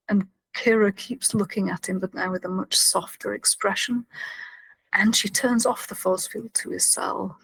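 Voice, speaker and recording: A woman co-host retells a scene beat by beat in a mid-pitched voice, adding eager asides. The recording is dry and close, with no room echo. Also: normal speed, creaky, husky. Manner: narrates the scene step by step, with excited commentary. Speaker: podcast co-host. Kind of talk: episode recap storytelling.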